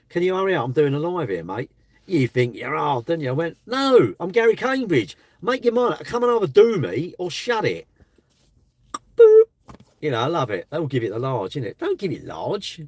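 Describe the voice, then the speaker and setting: A man's voice: medium pitch, slightly rough, no echo. A man hosting a live stream, chatting bluntly and casually with his viewers. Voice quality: blunt, chatty, slangy delivery.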